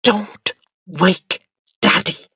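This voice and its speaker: A man doing a gentle, patient storybook mother. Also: high voice, wildly swooping pitch, very slow, slight background noise, voice pushed up, full character voice. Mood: hushed. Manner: soft and patient, often hushed. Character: patient, gentle young mother soothing her son. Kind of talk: storybook reading.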